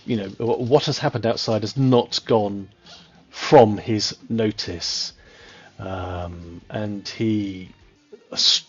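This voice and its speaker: A man narrating a tabletop game as game master, describing scenes with many pauses and fillers. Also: on the low side, breathy edge, dull audio. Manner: hesitant, many ums, describing slowly.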